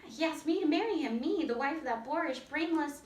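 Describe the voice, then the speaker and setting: Woman doing an indignant young woman, raised and bright, roomy and distant. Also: high voice, lively intonation, fairly quick, pitched above the performer's own voice. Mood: exasperated. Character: spirited bookish young woman, exasperated. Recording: roomy echo, distant from mic.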